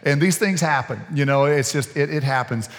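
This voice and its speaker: A male pastor gives a relaxed, conversational sermon, circling back on his words and chuckling along the way. His voice sits a little high for a man. The sound rings with a long reverb from a large church sanctuary. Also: normal speed. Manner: conversational, folksy preaching with laughs and restarts.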